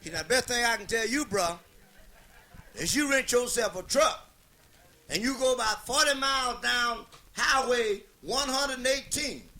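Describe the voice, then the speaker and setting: A man's voice: extremely high pitch, unhurried, pushed and bright, full character voice. Man doing a big, folksy swamp guide. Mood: advising. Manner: folksy, profane, long-winded advice. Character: big, worldly man giving swamp directions.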